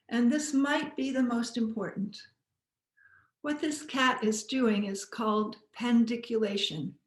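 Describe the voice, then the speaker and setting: A woman teaching posture and balance, giving calm, encouraging step-by-step movement cues. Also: a little high, roomy sound. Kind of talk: guided movement instruction.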